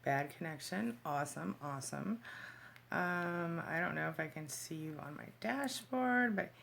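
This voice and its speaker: A woman's voice: on the low side, gravelly, a bit bright, a little hiss or hum. A woman hosting a casual livestream from her phone, chatting with viewers, greeting them by name and reading their comments aloud. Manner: laughs easily, talks in quick bursts. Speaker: livestream host. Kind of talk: casual live chat with viewers.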